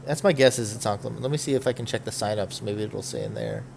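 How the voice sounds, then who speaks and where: A man's voice: fairly low pitch, huge pitch swings, quick pace, vocal fry, slight background noise. A man hosting a casual gaming podcast, talking in a chatty, opinionated, rambling way. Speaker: podcast host. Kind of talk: casual esports podcast chat.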